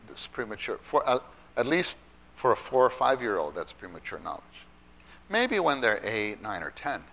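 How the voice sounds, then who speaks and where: A man giving an animated Bible teaching talk to church children's workers, stressing and repeating key phrases. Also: mid-range voice, moderate pace.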